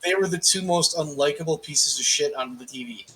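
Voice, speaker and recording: A man co-hosting a podcast in casual chat, swearing freely and telling animated stories with acted-out quotes. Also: fairly high pitch, brisk, slight background noise. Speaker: podcast co-host.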